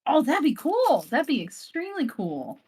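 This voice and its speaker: Playful woman with a lively voice. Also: high voice, normal speed. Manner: playful, rambling, full of "like". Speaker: tabletop game player. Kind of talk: casual in-character roleplay chat.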